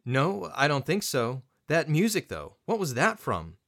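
A man's voice: fairly high pitch, wildly swooping pitch, measured pace, a bit bright, heavily acted. A man voicing an anxious young son who talks in hesitant, questioning bursts. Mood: unsettled.

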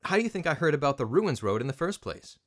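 A man voicing a gruff, weathered middle-aged father who speaks in brusque, terse lines. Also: on the high side, big pitch swings, fast talker. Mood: steady.

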